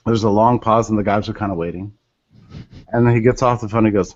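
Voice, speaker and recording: A man's voice: lowish voice, quick pace, no echo, highs cut off. A man telling a story as a podcast guest, acting out the voices of the people he quotes. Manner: animated, acts out quoted voices.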